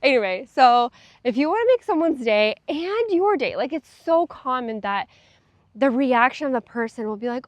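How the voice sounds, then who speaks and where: A woman's voice: high-pitched, big pitch swings, moderate pace, no echo, dull audio. A young adult woman vlogging in a casual, chatty way, with many fillers and little laughs. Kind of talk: casual talk to camera.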